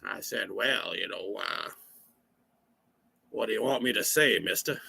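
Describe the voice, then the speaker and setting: A man puts on a heavily acted country-cousin character for a comic monologue: slow, folksy and rambling, with a drawl. The voice is gravelly yet fairly high and bright, every sentence stretched out, on a dry recording.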